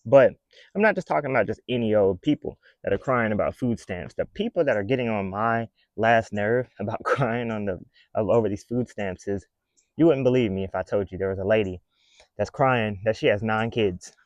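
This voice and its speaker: A man's voice: lowish voice, moderate pace, no echo, highs cut off. Blunt scolding male vlogger. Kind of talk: casual commentary rant.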